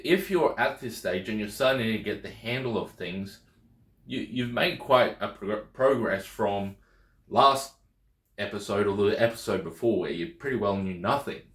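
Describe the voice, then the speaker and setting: A man with a fairly low voice teaches a video lesson at an unhurried pace. He explains patiently and keeps checking that listeners follow. The sound carries a noticeable room echo. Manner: patient, repeats with checks of "okay?". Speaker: Greek teacher.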